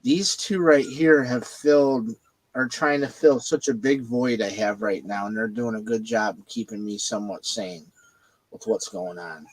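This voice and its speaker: A man's voice: lowish voice, moderate pace, rough recording. A man hosting a casual video chat, rambling and repeating his words. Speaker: host. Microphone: video call.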